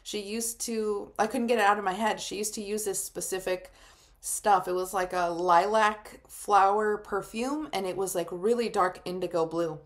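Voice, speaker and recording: A woman's voice: medium pitch, steady tone, normal speed. A woman in her thirties, a psychic medium, telling her personal story to the camera in a casual, emotional way, full of "like" fillers.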